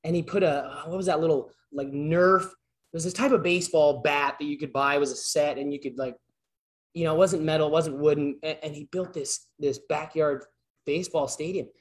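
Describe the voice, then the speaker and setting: A man's voice: a little high, fairly even intonation, a little fast. A man who works as a PE teacher, filling in as a church speaker and giving an informal, story-driven sermon in a rambling, conversational way full of restarts.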